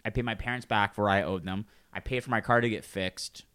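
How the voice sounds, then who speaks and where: A man's voice: fairly low pitch, brisk, smooth. A man in casual chat, telling a long work story with lots of acted-out quotes and swearing. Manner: animated storytelling, swears freely, acts out coworkers' lines.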